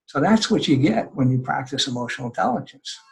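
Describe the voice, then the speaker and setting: On a podcast, an older man appears as a guest and gives his advice in a sincere, chatty manner. His voice is mid-pitched, creaky, animated and a little quick, and he sometimes mimics what others say in livelier tones. The audio quality is poor.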